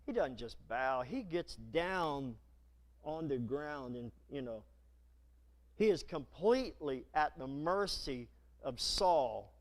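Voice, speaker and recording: A male pastor preaching a sermon in a church, retelling scripture in a dramatic, animated storytelling manner. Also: medium pitch, takes it slowly.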